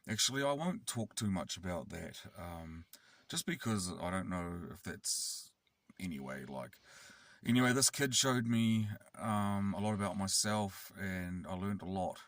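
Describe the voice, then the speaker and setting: A man's voice: sits low, lively intonation, unhurried, fairly bright tone, no room sound, recorded from a distance. A man, rambling and swearing as he tells a casual story in a car. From New Zealand. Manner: rambling, sweary, with many fillers. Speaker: vlogger. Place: inside a car.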